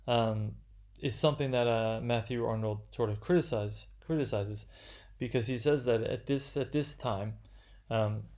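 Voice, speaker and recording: A man giving an unscripted literature lecture, halting and full of fillers and restarts. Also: mid-range voice, a little mellow.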